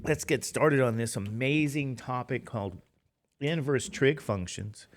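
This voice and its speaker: A man's voice: medium pitch, measured pace, background noise. A middle-aged man teaching math in a casual lecture, tired and rambling, with chatty self-deprecating asides. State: tired, sleepy.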